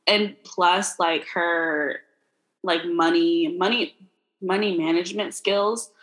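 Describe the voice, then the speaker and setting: A woman's voice: on the low side, slow, poor audio. Blunt, swearing young woman chatting. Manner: blunt, swears freely, lively storytelling. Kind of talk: casual chat.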